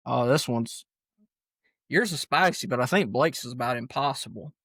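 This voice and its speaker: A man's voice: mid-range voice, normal speed, fairly bright tone, breathy edge, no room sound. A young man co-hosting a casual sports podcast, joking and laughing often as he talks. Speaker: podcast co-host.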